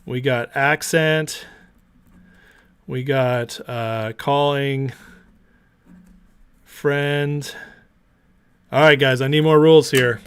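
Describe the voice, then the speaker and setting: A man's voice: mid-range voice, fairly even intonation, smooth. A man hosting a casual livestream watch party, upbeat and chatty, reading viewers' names aloud. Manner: upbeat, reads chat names aloud rapidly. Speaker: livestream host.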